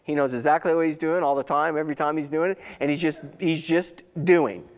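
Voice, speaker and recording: A man's voice: a little high, fairly even intonation, a little fast, in a large hall. A man preaching a sermon as pastor, reading scripture and breaking into folksy, chatty asides.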